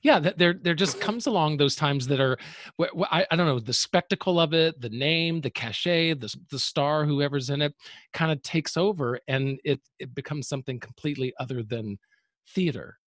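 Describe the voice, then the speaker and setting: A man's voice: a little high, normal speed, a bit bright, no echo, clean studio sound. A man hosting an interview who speaks hesitantly and stumbles over his words. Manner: hesitant, stammering. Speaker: podcast host.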